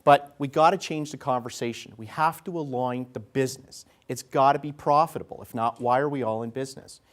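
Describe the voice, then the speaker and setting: A man's voice: mid-range voice, brisk. Folksy male business speaker. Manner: conversational, folksy, acts out quotes. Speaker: keynote speaker. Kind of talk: business talk to a live audience. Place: event venue in front of an audience.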